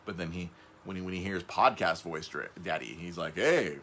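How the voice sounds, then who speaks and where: A man hosting a casual podcast, rambling, stumbling over and repeating his words, his voice jumping up when he gets excited. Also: deep voice, fairly quick, a little hiss or hum. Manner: excitable, voice jumps up on emphasis. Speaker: podcast host.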